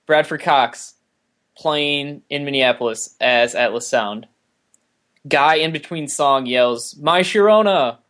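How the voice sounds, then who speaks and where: A man's voice: mid-range voice, takes it slowly, fairly bright tone. A man co-hosting a music podcast, rambling with lots of fillers in casual chat. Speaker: podcast co-host.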